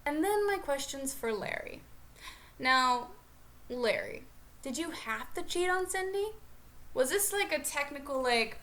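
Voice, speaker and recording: Young woman vlogging, high voice, chatty and animated, says like a lot. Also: measured pace. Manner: chatty, animated, lots of "like" fillers. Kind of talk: comedic storytelling vlog.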